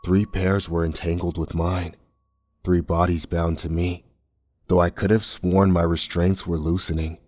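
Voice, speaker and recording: A man reading a horror story aloud in a somber, measured way. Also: low voice, flat delivery, darkish tone, dry recording. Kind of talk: scripted horror narration. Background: faint music.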